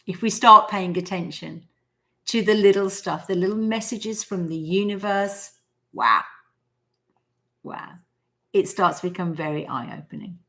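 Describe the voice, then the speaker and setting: A woman's voice: medium pitch, unhurried, pauses often, fairly bright tone. An Australian woman in her forties hosting a live stream, talking casually and telling stories with acted-out quotes. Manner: chatty storyteller who acts out quotes.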